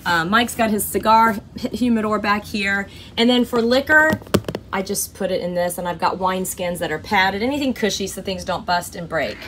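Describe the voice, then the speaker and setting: A woman's voice: medium pitch, noisy background. A woman hosting a casual vlog, touring her motorhome and gushing over every little feature. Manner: gushing, excitable. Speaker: vlog host. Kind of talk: casual home tour vlog. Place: inside a motorhome.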